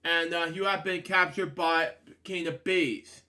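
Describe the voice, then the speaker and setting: A boastful bully posing as a lion, in a bright, slightly high voice, as a man reads him out. He brags loudly and stumbles over his lines. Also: steady tone, measured pace. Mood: gloating.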